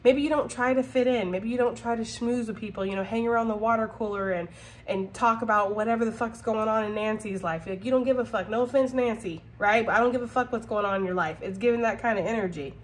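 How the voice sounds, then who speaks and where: A tarot reader with a fairly high voice gives a casual reading straight to her viewers, talking fast over a little hiss or hum. She's blunt, swears freely, laughs often and keeps checking in with "okay?".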